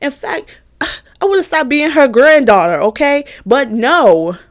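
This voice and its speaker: A young woman in her twenties rants through a heated storytime vlog about a former roommate. Her voice sits a little high, and she swears freely, jumping between exasperation and mocking retorts. She talks straight to her viewers in a casual, animated way. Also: slow. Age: 20s. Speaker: college student vlogger.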